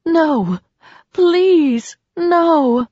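A woman's voice: on the high side, measured pace, slightly rough, no echo. A woman voicing a heartbroken young woman who pleads tearfully for her lost lover, in a storybook reading. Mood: pleading. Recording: slightly dull dry recording.

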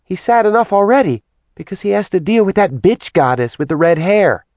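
Cheeky sing-song demon girl, a man putting it on, squeaky high and bouncy, storybook reading. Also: lively intonation, fairly quick, a little mellow, dry recording. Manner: sing-songy, broken childlike grammar.

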